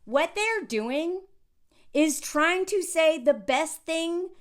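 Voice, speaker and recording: A woman giving blunt, animated reaction commentary in a casual vlog, swearing freely as she talks. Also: very high-pitched, slow.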